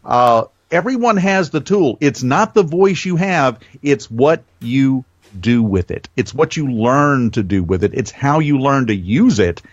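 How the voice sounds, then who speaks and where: Man, Southern American accent, radio host, animated, swooping pitch, dry muffled audio. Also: no room sound. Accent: Southern American, softened. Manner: animated storyteller, varies speed and pitch deliberately. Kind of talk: conversational podcast interview.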